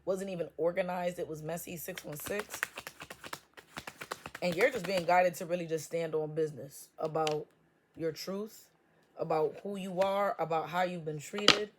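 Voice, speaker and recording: A woman's voice: lowish voice, steady tone, normal speed, background noise. A woman giving a casual tarot reading, blunt and profane with joking trash talk. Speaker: tarot reader.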